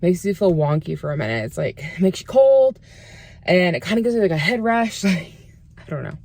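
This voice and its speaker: A woman's voice: on the low side, sing-song, moderate pace, darkish tone, slight background noise. A woman in her thirties chatting casually to the camera in a vlog, rambling and laughing often. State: out of breath. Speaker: vlogger.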